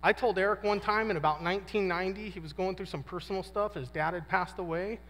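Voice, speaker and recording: A man's voice: high voice, quick pace, fairly bright tone. A man in his fifties giving a casual, slangy testimony talk at a men's conference, acting out quotes as he tells his story. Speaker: guest speaker at a men's conference. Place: conference hall. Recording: long reverb of a large hall.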